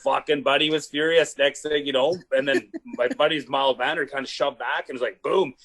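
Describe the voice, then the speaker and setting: A man's voice: mid-range voice, steady tone, brisk, a bit bright. A man telling rowdy stories in casual podcast chat, swearing often and laughing mid-story. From Saskatchewan, Canada. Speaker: podcast guest, comedian.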